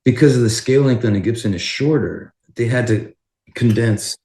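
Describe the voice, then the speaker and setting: A man, a guitarist guest in an interview, telling animated stories and acting out conversations. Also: medium pitch, moderate pace. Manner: animated, acts out conversations, swears casually. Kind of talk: casual interview storytelling. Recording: roomy echoing sound.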